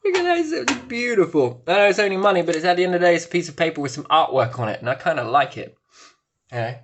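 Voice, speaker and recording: A man talking to camera in a casual vlog, rambling and swinging between low mutters and loud, excited exclamations. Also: fast talker, roomy sound, a little hiss or hum. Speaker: vlogger.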